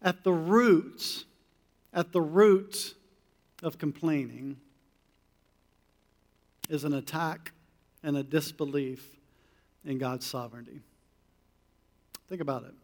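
A man preaching a sermon as a pastor, animated, with incredulous rhetorical questions. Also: a little high, slow, long pauses, in a large hall.

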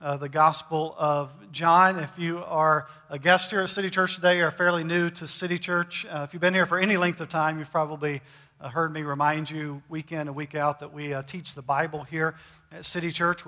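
A middle-aged pastor delivers a relaxed, joking sermon, his high, bright voice carrying through a reverberant church hall. He peppers his preaching with "uh" and "um" as he talks. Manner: conversational preaching with frequent "uh" fillers and humor. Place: church sanctuary.

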